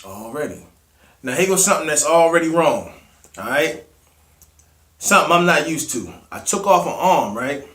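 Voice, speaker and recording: A man's voice: a little high, lively intonation, normal speed, long pauses, fairly bright tone, reverberant. A young man from Maryland with a Maryland accent, chatting casually and using slang as he eats on his vlog. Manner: laid-back slangy, calls viewers family. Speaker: mukbang vlogger.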